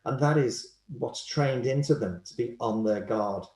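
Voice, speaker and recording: A man's voice: mid-range voice, unhurried. Man telling stories, echoey room. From Liverpool, England. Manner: animated storyteller, acts out quoted voices. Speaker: guest, hypnotherapist. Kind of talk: anecdotal interview storytelling.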